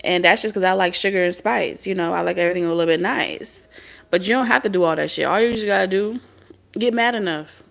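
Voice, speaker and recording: A woman's voice: fairly low pitch, quick pace, gravelly. A woman and mother, a spirit medium, talking bluntly and profanely in a casual, preachy monologue. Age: adult mother of several children. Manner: blunt, profane, streetwise storytelling. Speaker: spirit medium and tarot reader.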